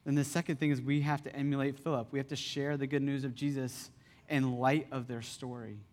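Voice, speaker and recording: A man in his thirties preaching a sermon as pastor, conversational and animated in his storytelling. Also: mid-range voice, fairly quick. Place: church hall. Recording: reverberant church hall.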